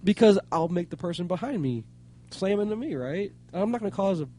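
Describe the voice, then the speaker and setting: Loud animated man telling stories. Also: sits high, brisk, a little hiss or hum. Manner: loud, swearing, laughing storyteller. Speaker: podcast co-host. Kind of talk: casual chat.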